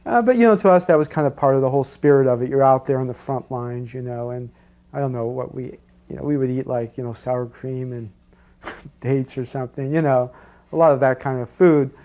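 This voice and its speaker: A man reminiscing casually, relaxed, with lots of "you know" fillers. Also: medium pitch, fairly quick. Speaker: devotee recalling memories.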